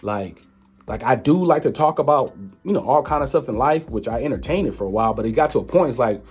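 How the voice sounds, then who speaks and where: A man casually telling a story from his own life in an animated, disbelieving way. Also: medium pitch, fast, breathy edge, faint music behind. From United States. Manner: animated, incredulous retelling of an encounter. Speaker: vlogger.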